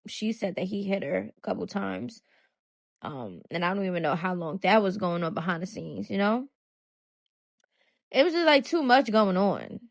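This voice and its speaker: A woman's voice: medium pitch, animated, normal speed, vocal fry, no room sound. A woman giving casual commentary on a clip, chatty and hesitant with many fillers. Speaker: commentary channel host.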